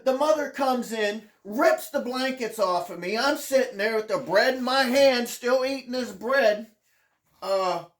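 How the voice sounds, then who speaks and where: A channel host recounts a personal memoir earnestly and haltingly, frequently restarting sentences and sounding emotional, at times close to tears. The voice is medium-pitched and the recording sounds roomy.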